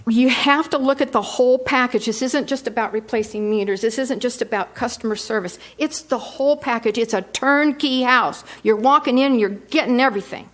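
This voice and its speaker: Firm woman in her sixties, higher voice. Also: a little fast, few pauses, a bit bright. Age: 60s. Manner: firm, persuasive, emphatic. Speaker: advisory board member. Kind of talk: formal statement at a public meeting.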